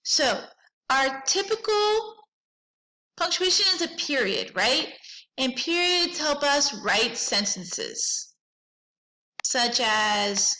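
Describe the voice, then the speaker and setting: A woman librarian giving a cheerful lesson to children, reading out example sentences slowly and with a teacherly lilt. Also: high-pitched, sing-song, sharp tone, low-quality recording. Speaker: school librarian.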